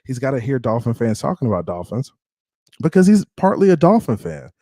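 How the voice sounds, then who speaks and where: A man's voice: mid-range voice, very animated, brisk, vocal fry, dark tone, no room sound, studio quality. A man hosting a casual sports livestream, greeting viewers and trash-talking rival fans. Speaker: livestream sports show host. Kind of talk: casual live-stream banter.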